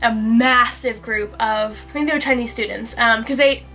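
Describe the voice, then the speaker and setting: Young American female student, bright voice, casual and laid-back. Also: fairly high pitch, steady tone, moderate pace. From United States. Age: young adult. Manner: easygoing, laughs often, rambling with fillers. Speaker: university student. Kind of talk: casual chat.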